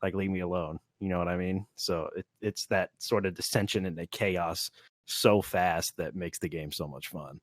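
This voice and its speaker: A man chatting on a gaming podcast, animated and quick to laugh. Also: low voice, no room sound. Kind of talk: casual gaming podcast chat.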